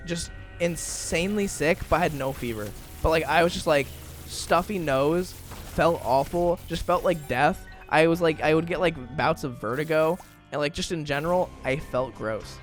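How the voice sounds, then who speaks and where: A man's voice: a little high, moderate pace, soft background music. A man in his twenties casually chatting while playing a game, rambling through stories with lots of fillers. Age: 20s. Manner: rambling storytelling with many fillers. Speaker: gaming YouTuber. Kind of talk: casual let's-play commentary.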